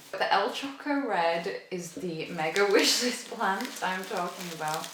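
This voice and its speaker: A young woman chatting excitedly to her viewers as she unboxes plants in a casual vlog, gushing and chatty. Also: mid-range voice, measured pace, few pauses. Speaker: plant vlogger. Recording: roomy echo, noisy background.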